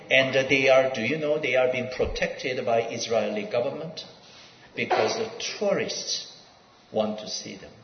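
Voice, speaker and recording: A male preacher giving a sermon, reading scripture aloud in an emphatic, pausing delivery. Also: mid-range voice, a little hiss or hum. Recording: dull echoey hall sound.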